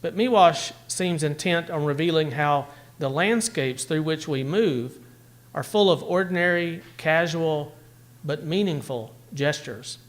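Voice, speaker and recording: A man giving a measured, deliberate talk that analyzes poems and reads them aloud at a poetry event. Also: on the high side.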